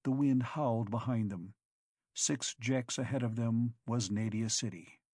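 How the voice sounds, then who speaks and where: A man narrating an audiobook story in a steady, measured way. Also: mid-range voice, no room sound, studio quality. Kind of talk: scripted narration.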